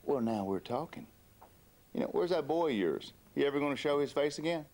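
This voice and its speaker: A middle-aged actor with a Texan accent playing a bossy, teasing man who talks in a loud folksy drawl. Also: fairly high pitch, lively intonation, a little fast. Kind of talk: kids TV series acting. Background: score music.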